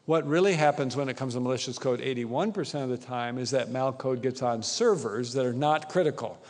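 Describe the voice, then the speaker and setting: A man's voice: medium pitch, a little fast, darkish tone. A man giving a conversational conference talk, often tagging his points with a question to the audience. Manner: conversational, keeps asking "right?". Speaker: conference speaker. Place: conference hall. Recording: echoey conference hall.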